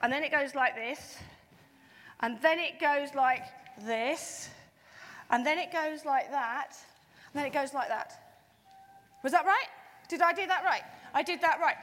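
A woman leading children's church, retelling a Bible story in a lively, playful way and quizzing the children. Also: sits high, measured pace, pauses often. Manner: lively, playful, asks the kids questions. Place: large church hall. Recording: echoey hall.

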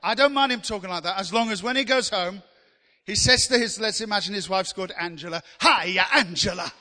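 A man's voice: high-pitched, fast, pushed and bright, long reverb tail. A man preaching a sermon in a chatty, joking way, teasing the congregation.

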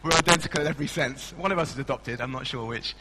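A man's voice: medium pitch, quick pace. A man preaching a sermon in a church hall on a stand mic, chatty and self-mocking as he tells stories. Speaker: pastor.

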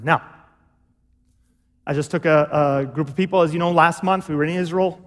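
Male pastor, high-pitched voice, explanatory sermon, echoing church hall. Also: fairly even intonation, normal speed, pauses often. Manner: explanatory, repeats "okay?" to check understanding.

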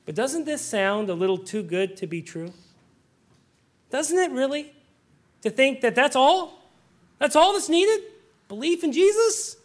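High-voiced man preaching a sermon. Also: expressive, unhurried, fairly bright tone. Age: adult. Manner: earnest preaching with joking asides. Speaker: pastor.

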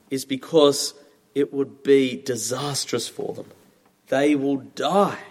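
A man in his thirties preaching a sermon, conversational and expressive. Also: a little high. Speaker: pastor. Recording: long reverb from a large hall.

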